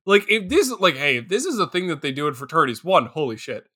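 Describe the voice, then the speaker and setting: Bright-voiced laughing man co-host. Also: a little high, fast talker, husky. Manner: animated, laughing often, jumps into put-on voices. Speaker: podcast co-host. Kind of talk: casual movie-review chat.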